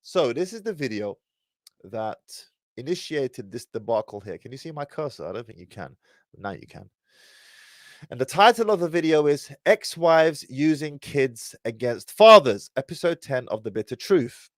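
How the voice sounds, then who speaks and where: A man's voice: medium pitch, moderate pace, dry recording, clean studio sound. A man talking casually to his livestream viewers. He sighs often as he talks. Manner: animated, sighing often. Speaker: livestream host.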